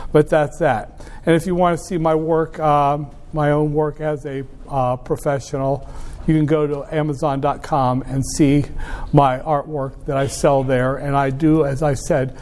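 A man's voice: on the high side, darkish tone. Wry, joking male finance lecturer. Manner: wry, joking, emphatic, talks to the class directly. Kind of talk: classroom lecture. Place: lecture hall.

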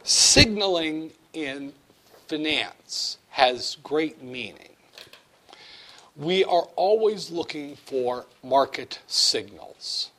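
A man teaching a finance class, explaining ideas with jokes and loud shouted asides. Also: fairly high pitch, very slow. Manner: lively and joking, with sudden shouted asides. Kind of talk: classroom lecture.

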